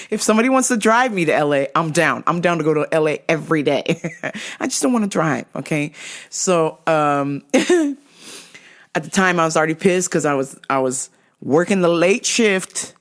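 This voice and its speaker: A woman hosting her own show and telling a story in a casual monologue. She is blunt and swears freely, and her voice swings a lot in pitch as she talks. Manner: profane, blunt and animated. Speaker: podcast host.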